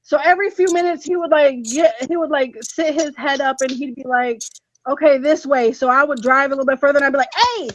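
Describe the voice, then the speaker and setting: A woman on a podcast, telling a story in an animated, emphatic way and laughing as she goes. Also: sits high, quick pace, a little hiss or hum. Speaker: podcast co-host. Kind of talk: casual storytelling chat. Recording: dull, slightly muffled podcast audio.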